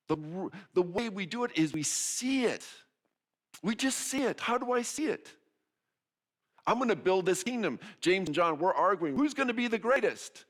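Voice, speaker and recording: A male pastor preaching with a lively, swooping voice that leaps up high for emphasis. His talk is loose and conversational, and he keeps repeating his main phrases. Now and then he slips into quick voices for people in the stories. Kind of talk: sermon.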